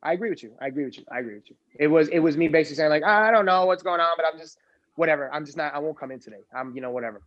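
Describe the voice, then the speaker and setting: A man's voice: a little high, expressive, racing, fairly bright tone, lo-fi sound. A man arguing defensively in casual podcast talk, rambling and repeating himself. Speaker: podcast guest. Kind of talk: heated casual argument.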